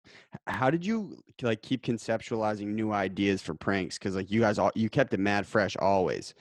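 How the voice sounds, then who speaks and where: A man's voice: on the low side, lively intonation, moderate pace, no echo. A male podcast host chatting casually with his guest, tossing in joking asides. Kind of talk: casual chat.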